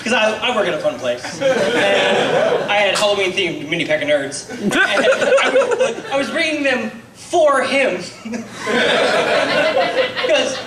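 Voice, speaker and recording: A man's voice: sits high, sing-song, slow pace, heavy background noise. A man in his twenties doing a stand-up comedy set, hesitant and self-deprecating with many ums. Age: 20s. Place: comedy club stage. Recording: roomy club sound, mic heard from a distance, loud crowd laughter. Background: audience laughing.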